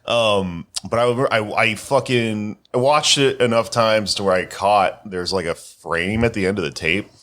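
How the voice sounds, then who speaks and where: A man's voice: lowish voice, unhurried, few pauses, a bit bright. A man hosting a podcast, telling a long rambling story in casual chat, full of "like" and frequent laughs. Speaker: podcast host.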